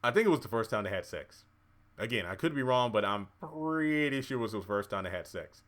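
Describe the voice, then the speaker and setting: A man casually recapping a TV episode, chatty and excitable, cheering and exclaiming at the scenes. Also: mid-range voice, brisk. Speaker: TV episode reviewer.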